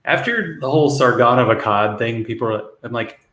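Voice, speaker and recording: A man co-hosting a casual podcast, rambling and hedging, with soft laughs. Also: medium pitch, animated, normal speed, few pauses. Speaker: podcast co-host. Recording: echoey room.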